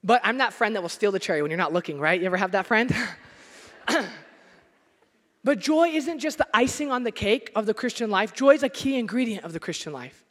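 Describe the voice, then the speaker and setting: A man preaching a sermon as pastor, energetic and joking with his listeners, shouting some words for emphasis. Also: high voice, a little fast, in a large hall.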